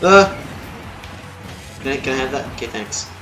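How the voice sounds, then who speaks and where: A young man commentating his own gameplay, swearing, yelling and muttering at the game. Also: mid-range voice, animated, normal speed, roomy sound, over music. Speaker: let's play gamer.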